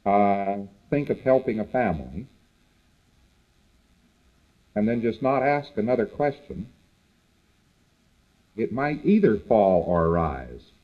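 A man's voice: fairly low pitch, unhurried, narrow, tinny audio. A man giving a recorded lecture to students, talking in a loose conversational way and repeating words for emphasis. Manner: conversational, repetitive, animated emphasis.

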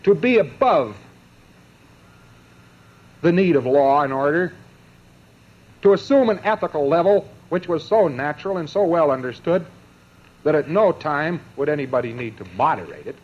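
A man giving a lecture to a live audience, emphatic and sardonic, breaking his points into short phrases with pauses and mocking asides. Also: on the high side, expressive, highs cut off.

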